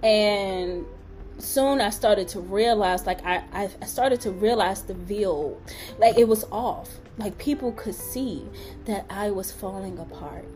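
A woman hosts her own podcast and talks casually about her life. Her pitch jumps around as she plays out little scenes and asides. Faint music runs under her voice. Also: takes it slowly. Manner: animated storytelling with playful asides and laughs. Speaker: podcast host. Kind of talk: casual personal podcast talk.

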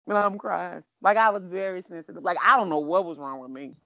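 A middle-aged woman talks through stories with lots of feeling and animation. Her voice comes through a slightly dull, dry recording. She is co-hosting a relaxed chat. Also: mid-range voice, brisk, vocal fry, hardly any pauses, dry recording. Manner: emotional, animated storytelling. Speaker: co-host. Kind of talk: casual chat.

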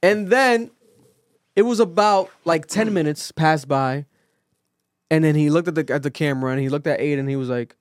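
A male podcast host in casual chat, telling a story with lively acted-out quotes and plenty of swearing. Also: fairly high pitch, fairly quick, no room sound, clean studio sound. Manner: animated storytelling, acts out quotes, swears freely.

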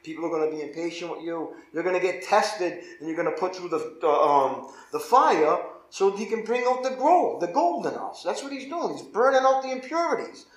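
A male pastor teaching a Bible study in a loose, conversational way. His voice sits a bit higher than most men's, and he keeps checking in with his listeners. The sound is echoey, as in a big open room. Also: lively intonation, a little fast, few pauses. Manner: informal, keeps asking the listeners "right?".

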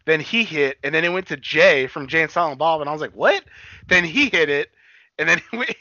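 Bright-voiced man in casual chat. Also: on the high side, fast, no echo, lo-fi sound. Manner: rambling, profane, animated retelling. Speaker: podcast co-host.

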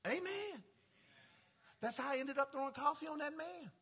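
A male pastor telling a story from the pulpit in an animated, playful way, laughing and talking straight to the congregation. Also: very high voice, normal speed. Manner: colloquial, drawling "y'all" and "ain't". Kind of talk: storytelling sermon.

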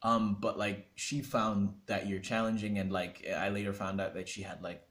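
A young man telling a personal story as a guest in an interview, animated and laughing, acting out quoted dialogue. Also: fairly low pitch, moderate pace.

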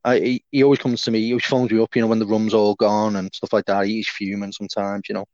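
A man's voice: lowish voice, level tone, fast talker, a little mellow, no echo. Man, podcast co-host, jokey, hesitant fillers, dull lo-fi mic. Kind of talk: casual podcast chat. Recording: dull, slightly lo-fi dry sound.

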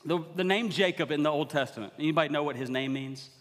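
A man's voice: fairly high pitch, quick pace, a bit bright. A man preaching a sermon as guest preacher, talking conversationally and building to emphatic exhortation. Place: church sanctuary. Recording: long hall reverb.

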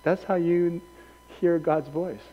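A male pastor preaching a sermon in an animated way, acting out voices and wandering into anecdotes with self-corrections. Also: on the high side, slow pace, in a large hall, highs cut off. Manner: animated, acts out quoted voices. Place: church hall.

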